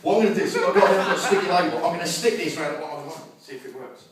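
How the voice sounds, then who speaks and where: A man's voice: fairly high pitch, very fast. An older man doing a crude, boisterous stand-up set, bantering with the crowd in a club. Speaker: stand-up comedian headliner. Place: comedy club stage. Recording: echoey club from far off with loud crowd. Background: audience laughing.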